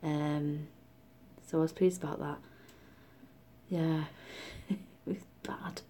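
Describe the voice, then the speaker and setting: A middle-aged woman from Britain telling a story in a casual vlog, chatty and animated, often dropping to a whisper. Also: low voice, slow, slight background noise. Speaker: vlogger.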